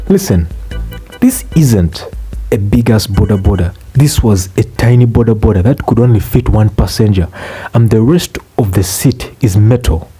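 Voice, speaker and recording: A young man ranting in a profane, exasperated comic vlog, swearing and bursting out loudly. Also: medium pitch. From Uganda. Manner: exasperated, swearing, loud outbursts. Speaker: vlogger.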